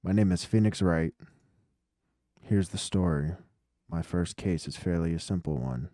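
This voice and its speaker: A man's voice: low-pitched, a little slow, mellow, dry recording, clean studio sound, pitched below the performer's own voice. A man reading the lines of an earnest young rookie defense attorney. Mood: narrating.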